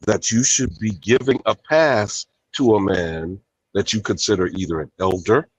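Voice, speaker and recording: A man's voice: on the low side, moderate pace, breathy edge, no room sound, rough recording. Man, indignant and insistent, lecturing, cuts off interruptions on a call. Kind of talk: heated online panel argument.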